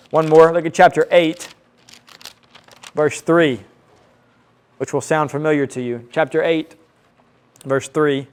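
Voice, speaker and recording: A man's voice: fairly high pitch, steady tone, a little slow, long pauses, clear, resonant tone. A man preaching a sermon as pastor, teaching earnestly, reading scripture and repeating key phrases for emphasis.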